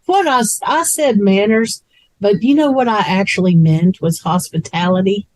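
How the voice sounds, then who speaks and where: A woman's voice: medium pitch, moderate pace, a little mellow, no room sound, low-quality recording. A woman co-hosting a casual chat, blunt and opinionated in how she talks. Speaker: co-host.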